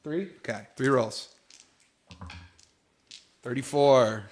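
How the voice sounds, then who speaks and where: A man's voice: mid-range voice, slow. A man narrating as game master for a tabletop game stream, playful and theatrical, with many fillers.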